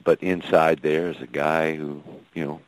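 A man's voice: a bass voice, little pitch movement, normal speed, rough recording. A man from Michigan, a guest musician, chatting in a radio interview and rambling through anecdotes with frequent chuckles. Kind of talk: casual radio interview chat.

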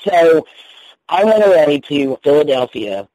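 Man, North Carolina Southern accent, mellow tone, chatty and candid, radio interview guest. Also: fairly high pitch, very animated, a little slow, no room sound, low-quality recording. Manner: chatty, candid, laughs easily. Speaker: guest minister.

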